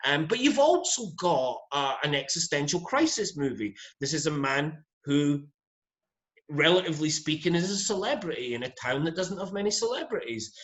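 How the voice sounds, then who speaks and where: Scottish guy, fairly high voice, chatty and opinionated, casual podcast talk. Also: animated, moderate pace, a bit bright. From Scotland. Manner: chatty, opinionated, keeps asking "you know what I mean". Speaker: guest.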